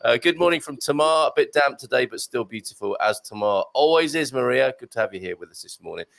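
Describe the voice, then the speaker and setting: A man's voice: medium pitch, lively intonation, fast, creaky, a bit bright, no room sound. A male host of a live chat show, jokey and chatty, reading out viewer messages between guests.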